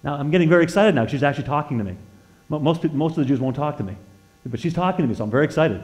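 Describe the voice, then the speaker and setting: A man preaching a sermon as a guest speaker in a church. He tells stories, swings between loud emphasis and hushed, earnest tones, and often repeats words and restarts phrases. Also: mid-range voice, lively intonation, racing, poor audio. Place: church sanctuary.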